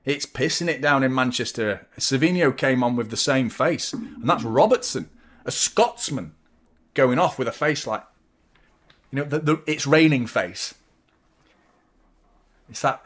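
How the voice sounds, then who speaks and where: A man hosting a live football watchalong, reacting loudly as a fan, swearing, joking and talking to viewers. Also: medium pitch, normal speed. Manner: excitable, swearing, jokey fan banter, chatting to viewers. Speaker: watchalong host.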